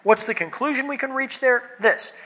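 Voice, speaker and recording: A man's voice: extremely high pitch, moderate pace, bright, forceful tone. A man preaching a sermon as pastor, reading scripture aloud, praying, then teaching in an earnest, emphatic way with pointed questions.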